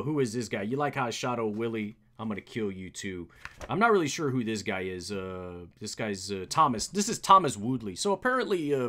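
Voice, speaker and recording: Man rambling through a casual comic recap. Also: lowish voice. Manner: animated, rambling, lots of restarts and fillers. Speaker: comic book reader, streamer.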